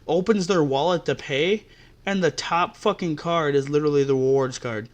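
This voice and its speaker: A man's voice: a little high, normal speed. A man hosting a podcast, telling customer-service stories in an exasperated, profane rant. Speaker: podcast host. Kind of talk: ranting storytelling.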